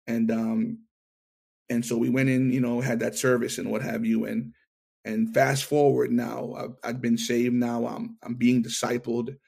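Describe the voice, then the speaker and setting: A middle-aged man tells his testimony in an interview in a gravelly, husky voice. He talks in an animated way and acts out each line of dialogue. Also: mid-range voice, a little slow. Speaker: interview guest.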